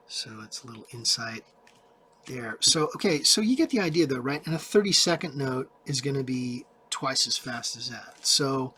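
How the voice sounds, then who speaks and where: Bright-voiced man teaching rhythm, chatty. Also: medium pitch, normal speed, slight background noise. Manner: relaxed, chatty, counts and sings rhythms aloud. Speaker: music teacher. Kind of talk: casual tutorial explaining rhythm notation.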